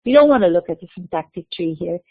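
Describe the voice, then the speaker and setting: A woman's voice: lowish voice, animated, dry recording. Woman lecturing in English. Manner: explains slowly, spelling out letters, slipping into Arabic terms. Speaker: university lecturer. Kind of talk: recorded lecture. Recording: dry tinny phone-like recording.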